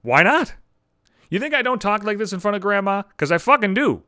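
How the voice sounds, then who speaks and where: A man's voice: high voice, very animated, a little fast, pushed and bright, no room sound, studio quality. A man in his thirties from the Buffalo area hosting a podcast, ranting in a profane, exasperated and sarcastic casual monologue. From Buffalo area, USA. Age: 30s. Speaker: podcast host.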